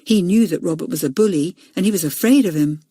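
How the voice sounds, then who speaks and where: A woman narrating a children's audiobook, expressive and voicing each character. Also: fairly low pitch, fast talker, husky, no room sound, studio quality. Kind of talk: storybook narration.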